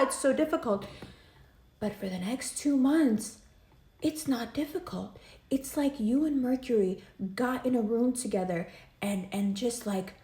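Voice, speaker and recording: A woman's voice: on the high side, darkish tone, echoey room. A woman giving a casual, earnest tarot reading, emotional and rambling as she talks straight to the listener. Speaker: tarot reader.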